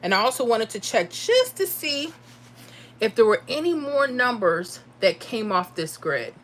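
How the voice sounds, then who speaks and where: A woman's voice: a little high, big pitch swings, unhurried, a bit bright, slight background noise. A woman hosting a casual livestream, chatting animatedly and reading out viewer comments and lottery numbers. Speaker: livestream host.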